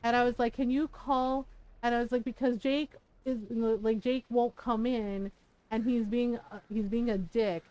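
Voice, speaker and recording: A middle-aged woman streamer telling a story in casual chat, animated and profane, laughing as she talks. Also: a little high, unhurried, dry recording, poor audio. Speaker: live streamer.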